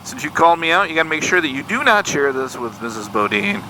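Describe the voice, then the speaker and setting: A man's voice: fairly high pitch, fast, poor audio. A man around sixty telling an embarrassing story in a folksy, self-deprecating way while out riding his motorcycle. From Michigan, USA. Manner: folksy, self-deprecating, animated retelling of dialogue. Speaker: motorcycle vlogger. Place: outdoors on a motorcycle on country roads. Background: faint road and vehicle noise.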